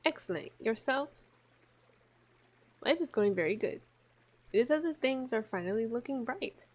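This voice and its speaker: A woman voicing a languid noble countess while reading a visual novel aloud in voices, with a slow, drawn-out, mock-regal delivery. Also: on the high side, animated. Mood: warm.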